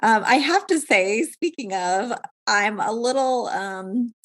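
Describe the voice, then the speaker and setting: A woman's voice: fairly high pitch, expressive, slow pace. Enthusiastic woman podcast host. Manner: warm, enthusiastic, laughs often. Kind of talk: podcast interview.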